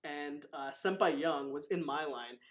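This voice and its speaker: Rambling, filler-heavy man with higher pitch. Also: a little slow. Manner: rambling, filler-heavy retelling with acted quotes. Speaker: martial arts instructor hosting a talk. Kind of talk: casual storytelling chat.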